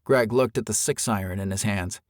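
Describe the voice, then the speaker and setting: A man narrating a novel as an audiobook, expressive storyteller. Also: on the low side, brisk, no room sound, clean studio sound. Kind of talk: scripted narration.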